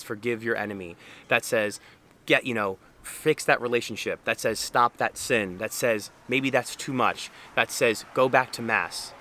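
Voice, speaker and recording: A man's voice: fairly low pitch, pushed and bright, slight background noise. A young man speaking earnestly and conversationally about faith, with frequent fillers. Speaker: Catholic speaker. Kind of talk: casual faith talk to camera.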